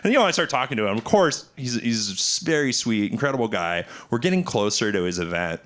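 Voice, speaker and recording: A man on a festival panel telling fond stories in a casual, animated way, acting out the quotes. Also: medium pitch, quick pace. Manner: animated storyteller, acts out quotes in a raised voice.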